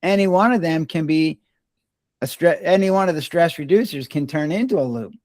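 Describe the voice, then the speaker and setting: An older man, a retired doctor and podcast guest, telling stories in a relaxed, rambling way and often restarting his words. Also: a little high, brisk, no echo, studio quality. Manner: relaxed, rambling storyteller who restarts words mid-sentence. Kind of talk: casual storytelling conversation.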